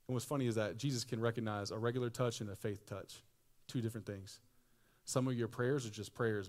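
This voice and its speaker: A young man preaching a sermon as pastor, telling stories in a casual, slangy way, his voice jumping high for excited quoted people and dropping low and quiet at solemn moments.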